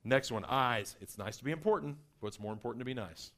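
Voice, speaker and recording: A middle-aged man giving an energetic seminar talk as a workshop presenter, acting out personality types in quick little voices. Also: mid-range voice.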